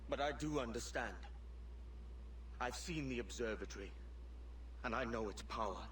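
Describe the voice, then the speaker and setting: An actor playing a determined pirate captain with a firm, steady delivery. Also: male voice, medium pitch, normal speed, close to an everyday voice. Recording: game audio with noise.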